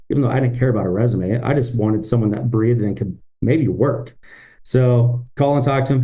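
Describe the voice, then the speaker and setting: A man's voice: mid-range voice, normal speed, mellow. A man, a business-owner guest on a podcast, telling a story and acting out his own past thoughts and phone calls.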